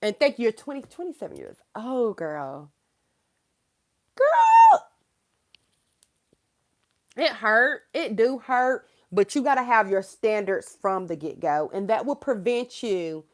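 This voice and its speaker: A woman's voice: on the high side, wildly swooping pitch, slow pace, pauses often. A woman in her thirties giving a live tarot reading, talking frankly and laughing often as she calls the viewer girl. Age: 30s. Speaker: tarot reader.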